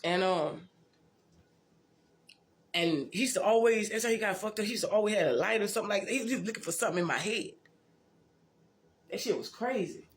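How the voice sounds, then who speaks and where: A woman's voice: medium pitch, expressive, fairly quick, long pauses, a little hiss or hum. A woman tells her life story in a blunt, profane, rambling way, often restarting and repeating herself. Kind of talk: casual storytelling monologue.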